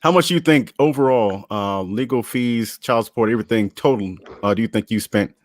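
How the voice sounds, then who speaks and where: A man's voice: mid-range voice, moderate pace, a little hiss or hum. A man hosting a casual podcast who asks questions and reacts in a laid-back way.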